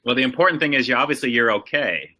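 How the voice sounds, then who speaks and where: A man on a casual chat show, chatty and quick to react to the story. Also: mid-range voice, lively intonation, sharp tone. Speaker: guest.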